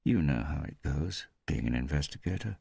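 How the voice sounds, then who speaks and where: A man voicing a cold, bored male interrogator in an audiobook, who speaks quietly, slowly and without interest. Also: extremely low pitch, animated, creaky, breathy edge, no echo, studio quality, full character voice. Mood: musing. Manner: quiet, slow, disinterested.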